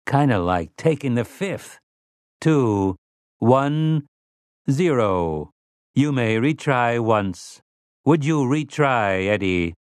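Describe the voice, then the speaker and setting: A man's voice: medium pitch, lively intonation, slow, a little mellow, no room sound, studio quality. A man voicing a smug, overly polite male robot servant who speaks in formal, courtly phrasing. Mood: smug politeness.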